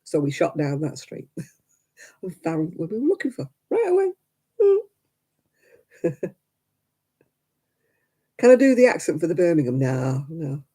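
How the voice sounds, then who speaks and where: A woman's voice: low voice, big pitch swings, measured pace, pauses often, dark tone, breathy edge. An older woman chatting casually with viewers on a crafting livestream, rambling and laughing often. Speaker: livestream host. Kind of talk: casual live-chat crafting stream.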